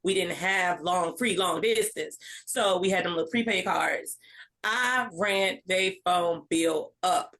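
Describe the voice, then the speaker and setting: A woman's voice: lowish voice, slow pace, fairly bright tone. A woman co-hosting a podcast, telling a personal story in casual chat with laughter. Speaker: podcast co-host.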